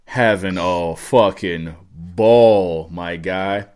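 A man co-hosting a podcast in casual chat, ranting in a profane, excitable way. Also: low-pitched, drawn-out words, clear, resonant tone. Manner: profane, excitable, riffing rants. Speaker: podcast co-host.

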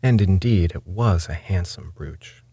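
A man reading a classic ghost story aloud in a measured, wry first-person narration. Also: low-pitched, gravelly, dark tone, slightly rough, dry recording.

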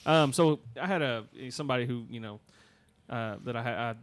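A man's voice: medium pitch, fairly quick. Rambling man telling a spooky story. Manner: rambling, many fillers and restarts. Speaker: podcast co-host. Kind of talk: casual storytelling.

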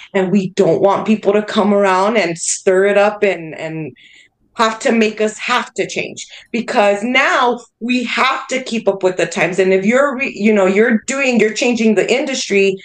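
Thoughtful woman guest, easygoing chat. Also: mid-range voice. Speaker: podcast guest, massage therapist. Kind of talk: casual podcast chat.

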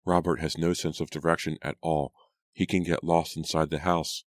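Very low guy voicing a soft earnest young girl, dry booth sound. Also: little pitch movement, normal speed, no echo. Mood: playful. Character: gentle young woman, dog-loving sister.

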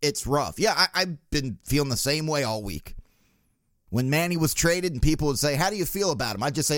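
A man's voice: a little high, animated, brisk, fairly bright tone, no room sound. A man hosting a sports podcast, talking casually and sarcastically and mimicking the people he complains about. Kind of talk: casual sports talk monologue.

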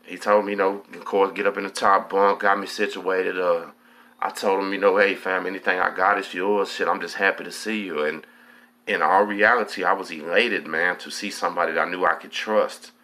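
A man's voice: low voice, flat delivery, brisk, pushed and bright. A man with a Texas accent telling a casual, profane story in street slang, filling his lines with "man.". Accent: Southern US, Texas. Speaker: host, storyteller.

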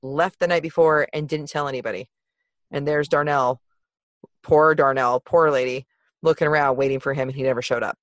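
A woman hosting a podcast in casual chat, gossipy and animated in telling stories. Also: sits low, a little fast, no echo. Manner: chatty, gossipy storyteller, laughs often. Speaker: podcast host.

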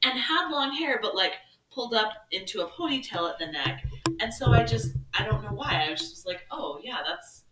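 A woman in her thirties, a podcast co-host and former teacher, telling classroom stories in casual chat and acting out the shouted lines. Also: on the high side, moderate pace, reverberant, far from the mic, heavy background noise. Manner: animated, acts out shouted quotes.

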